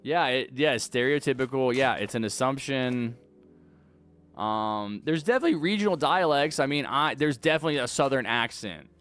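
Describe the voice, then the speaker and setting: A man's voice: medium pitch, animated, normal speed, a bit bright, clean tone. A young man streaming a game at home, talking casually into a desk mic and arguing back at his chat with rambling restarts. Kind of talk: live-stream chat while gaming.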